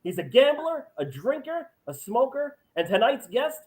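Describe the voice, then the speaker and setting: A high-pitched man with a Long Island accent hosts an interview podcast. He reads his introductions with eager build-up and keeps the chat casual. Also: big pitch swings, moderate pace, a little mellow, poor audio. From Long Island, New York. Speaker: podcast host. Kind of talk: interview host, read-out intro.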